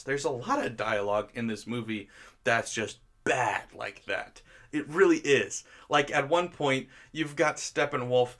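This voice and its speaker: A man's voice: mid-range voice, fairly bright tone. A man hosting his own channel, giving a casual, sarcastic film review rant and chuckling often as he mocks scenes.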